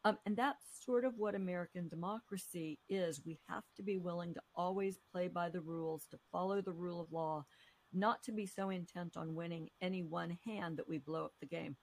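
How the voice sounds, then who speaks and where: A middle-aged woman with a low voice and a gravelly edge talks as an interview guest. She lays out her points in a measured, teacherly manner, earnest throughout. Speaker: former U.S. attorney, guest. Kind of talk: interview conversation.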